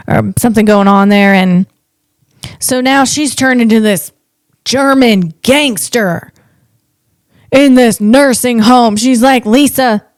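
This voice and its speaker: A woman's voice: a little high, dry recording. A woman from the Northeast US hosting a casual comedic podcast, chatty and rambling, often restarting her sentences.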